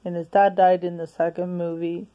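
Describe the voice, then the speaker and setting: A woman's voice: lowish voice, little pitch movement, normal speed, muffled recording. A woman reviewing a movie in a casual home video, talking hesitantly with many restarts and sounding out of breath.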